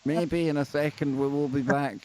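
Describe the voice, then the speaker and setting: A man's voice: on the high side, steady tone, normal speed, very noisy. A man with a Scottish accent hosting a live talk show, bantering in a jokey, self-deprecating way. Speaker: host. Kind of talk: casual live-show chat.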